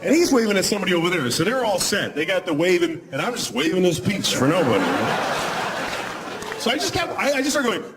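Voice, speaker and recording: A man's voice: high-pitched, sing-song, fast talker. A man in his forties performing a stand-up set on a concert hall stage, rambling and self-deprecating as he acts out scenes. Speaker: stand-up comedian. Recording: live concert recording with loud crowd. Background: loud laughing audience.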